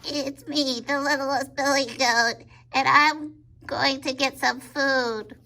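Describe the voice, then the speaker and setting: A woman's voice: high voice, fairly even intonation, takes it slowly, bright, forceful tone, pitched above the performer's own voice, exaggerated voice. Woman doing a tiny bleating billy goat. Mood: pleading. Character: small timid young male billy goat. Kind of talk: storybook read-aloud for children.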